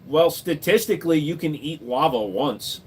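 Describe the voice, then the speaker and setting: A man's voice: fairly high pitch, animated, moderate pace, a little hiss or hum. A man hosting a livestream, reading chat and answering in a laid-back, joking way, swearing casually and saying "dude" a lot.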